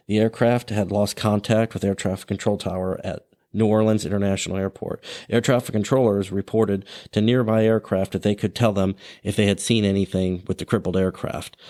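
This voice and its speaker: A man's voice: fairly low pitch, darkish tone. A man hosting a podcast, narrating an aviation story in a casual tone with fillers and asides. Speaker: podcast host.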